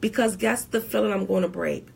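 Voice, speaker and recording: A woman's voice: medium pitch, fairly even intonation, brisk, creaky, a little mellow, breathy edge. A woman accountant on a live stream, giving tax advice in an emphatic, preachy way and repeating her key points.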